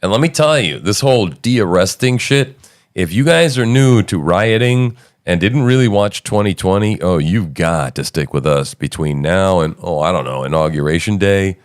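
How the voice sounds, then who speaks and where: A man's voice: deep voice, lively intonation, normal speed. Profane joking male podcast host. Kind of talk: casual political commentary.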